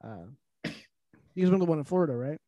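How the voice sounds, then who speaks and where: A man's voice: a little high, animated, fast talker, dark tone, no room sound, highs cut off. A man co-hosting a podcast, chatting casually, laughing often and steering the topics. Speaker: podcast co-host.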